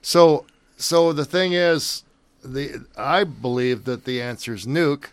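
An opinionated man making earnest points in a casual podcast discussion. His voice is mid-pitched and plain, recorded close and dry. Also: slow pace, no echo.

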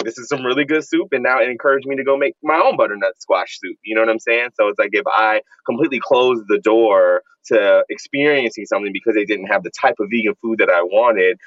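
A young man from Florida, a vegan content creator, telling stories in casual chat with animated, emphatic slang. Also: fairly low pitch, no echo, muffled recording. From Jacksonville, Florida, US.

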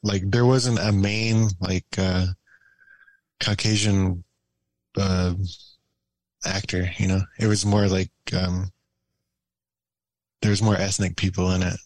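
A young man telling stories in a relaxed, rambling way as a podcast guest, full of fillers and laughs. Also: deep voice, slow, pauses often, dry recording, poor audio. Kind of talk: casual storytelling chat.

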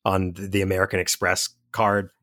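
Low-voiced man rambling about movies. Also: monotone, brisk, fairly bright tone, dry recording, clean studio sound. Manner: rambling, searching for words. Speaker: podcast co-host. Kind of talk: casual movie discussion. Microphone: home mic over online call.

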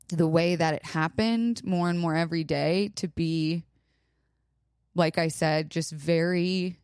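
Young woman podcast host, low voice, unhurried, halting and close to crying, dry close sound. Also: clean tone, no echo. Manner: halting, emotional, near tears, many pauses and fillers. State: holding back tears. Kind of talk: personal monologue.

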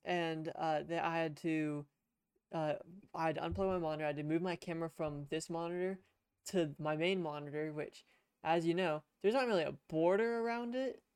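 A young man chats on a podcast from his computer at home, spinning out a long, rambling story full of restarts and the odd curse. His voice is smooth and resonant, and the sound is close and dry. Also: a little high, steady tone, moderate pace, dry recording. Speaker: podcast co-host. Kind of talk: casual chat. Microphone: headset.

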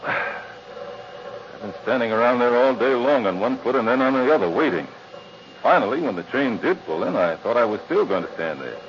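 An actor playing a polite, weary American infantry captain from Chicago with an American accent in a 1940s radio drama. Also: male voice, mid-range voice, big pitch swings, moderate pace, a little hiss or hum. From Chicago, USA. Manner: polite, grateful, easygoing. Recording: dull lo-fi old radio recording.

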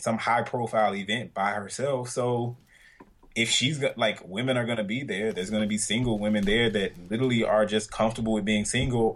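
A man with a Southern US accent co-hosting a podcast, telling stories in a loose, rambling chat with many fillers. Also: fairly low pitch. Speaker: podcast co-host. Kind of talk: casual chat.

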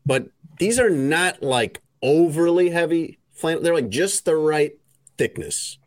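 A man's voice: on the high side, lively intonation, unhurried, no echo. A man hosting a podcast, chatting casually and reading a sponsor spot in a laid-back way. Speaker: podcast host. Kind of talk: casual chat with ad read.

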